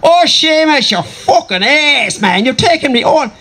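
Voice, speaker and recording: A man voicing an outraged young Irishman with an Irish accent, who swears and shouts accusations at his friend. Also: very high-pitched, lively intonation, measured pace, voice pushed up, exaggerated voice.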